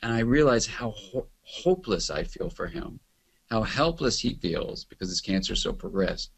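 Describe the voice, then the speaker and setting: Man quoting an old male client: soft, halting, gravelly. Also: fairly low pitch, very animated, full character voice. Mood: sad. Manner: hushed, halting, searching for words. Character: elderly male therapy client, soft and tearful.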